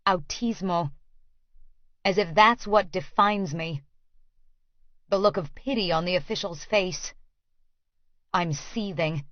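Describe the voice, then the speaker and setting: A woman reads a first-person audiobook in a clear, expressive way. The sound is dry and a little dull, as in a small studio booth. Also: lowish voice, a little slow, pauses often, no echo. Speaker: audiobook narrator.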